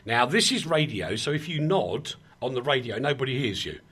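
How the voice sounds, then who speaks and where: A man's voice: mid-range voice, big pitch swings, moderate pace, sharp tone, breathy edge. A man with a Cockney accent hosting a radio chat show, bantering and joking. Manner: jokey, laughing, bantering.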